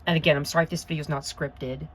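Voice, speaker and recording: A woman's voice: sits low, level tone, racing, poor audio. A woman talking to camera in an unscripted review vlog, earnest and rambling, gushing with emotion and often apologizing. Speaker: vlogger.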